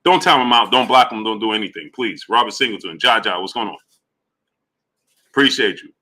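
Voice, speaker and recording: Man with a bright voice greeting live-stream viewers. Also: on the low side, expressive, a little fast. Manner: loose, repetitive shout-outs in a friendly drawl, slips into slang. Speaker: host of a live boxing talk stream. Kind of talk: casual live-stream chat, reading out viewer names.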